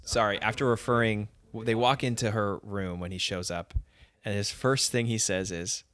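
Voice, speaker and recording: Lowish-voiced man podcast co-host. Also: steady tone, moderate pace, fairly bright tone, no room sound. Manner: conversational recapper, laughs easily. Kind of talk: casual chat recapping a dating show.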